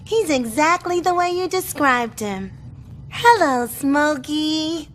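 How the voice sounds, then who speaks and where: An actress voicing a polite, slightly posh young girl in an animated sitcom. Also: sits high, slow. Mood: sweet. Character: sweet, prim young homeless girl from uptown.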